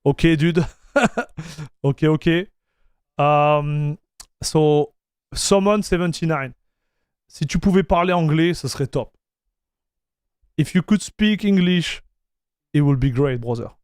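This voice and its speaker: A man, hosting a casual livestream chat, animated and stammering, calling his viewers bro and dude. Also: fairly high pitch, slow pace, long pauses, clean tone, no echo, studio quality. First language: French. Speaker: livestream host.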